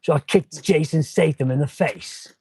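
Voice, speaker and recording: A gruff action-hero tough guy growls low, mock-threatening, as a man puts him on. The delivery is close and dry, pitched down from his usual talk. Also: normal speed, mellow, no echo. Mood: mock menace.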